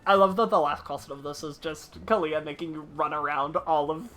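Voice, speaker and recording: A woman's voice: low voice, fairly even intonation, a little fast, fairly bright tone, faint music behind. A woman streaming a game live, chatting casually, thanking viewers and joking.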